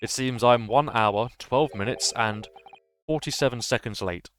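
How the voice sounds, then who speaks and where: A man's voice: mid-range voice, a bit bright, lightly acted. Man playing a posh, stoic British chief judge. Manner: stiff, formal and measured.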